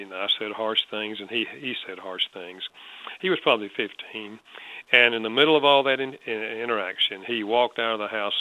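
Earnest, bright-voiced older man telling a story. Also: on the low side, no echo, poor audio. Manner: earnest, folksy storyteller, voice drops soft for reflection. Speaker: guest author and father. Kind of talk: personal storytelling in an interview.

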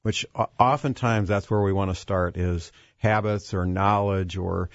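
A male guest talks about faith hesitantly, with lots of fillers and restarts. His low voice is steady and a little slow, and the recording is dull, dry and lo-fi with no room sound.

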